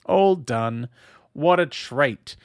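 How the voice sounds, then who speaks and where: An Australian man hosts a casual watch-along stream, reading chat aloud and commenting in a giggly, camp way with frequent laughter. His voice is a little high, smooth, and animated, yet extremely slow, recorded studio-quality with no echo.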